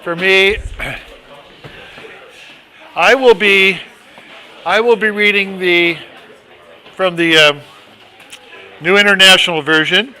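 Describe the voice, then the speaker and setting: A man's voice: high-pitched, slow, pauses often, sharp tone, slight background noise. A middle-aged man leading a casual Bible study, telling stories and reading scripture aloud in a rambling, chatty way with asides and restarts.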